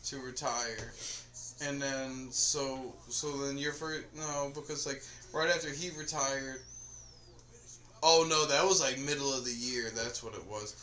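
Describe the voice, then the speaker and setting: An easygoing young man in casual podcast chat, his voice bright and forward. He sits in an echoey room with a faint hum of noise behind him, circling back and restarting as he recalls things. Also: mid-range voice. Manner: easygoing, drawling recollection with restarts. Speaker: podcast co-host.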